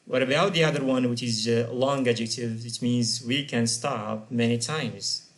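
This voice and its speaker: A man's voice: medium pitch, moderate pace. A man teaching an English grammar lesson, patiently repeating and spelling out example words.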